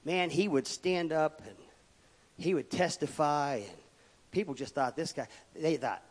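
A man delivers a sermon in a slightly high voice, surging to loud emphasis and falling to murmured asides. His words ring out with the long reverb of a church hall. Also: a little slow. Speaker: pastor. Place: church sanctuary.

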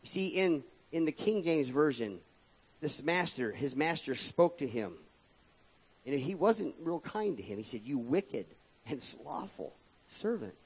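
A man preaching a sermon as pastor, calling out to his congregation and swinging between pressing emphasis and quieter asides. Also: on the high side, sing-song, measured pace, slightly rough, dull audio. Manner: preaching with rising and falling emphasis, addressing the congregation as folks.

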